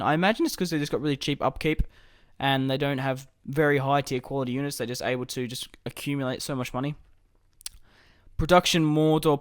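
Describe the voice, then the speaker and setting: A man's voice: mid-range voice, clear, resonant tone, dry recording, studio quality. A man casually commenting on his strategy game as he plays, thinking aloud about his moves. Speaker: gaming YouTuber.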